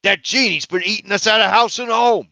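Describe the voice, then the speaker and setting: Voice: mid-range voice, brisk, gravelly, bright, forceful tone, dry recording, dull audio, voice pushed up. A game master voicing a shaken male head chef who pleads and breaks down crying. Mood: distraught.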